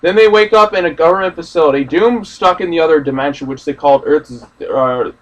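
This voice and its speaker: A man's voice: a little high, brisk, far from the mic, low-quality recording. A young man ranting in a casual, profane, rambling way about a film he just saw. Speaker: movie reaction host. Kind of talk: casual ranting movie discussion.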